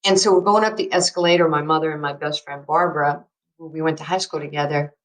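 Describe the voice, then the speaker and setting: Lively New woman in her sixties. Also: low voice, quick pace, rough recording. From New York. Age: 60s. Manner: emphatic and excitable, laughing through her words. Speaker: guest. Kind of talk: animated storytelling in a podcast interview.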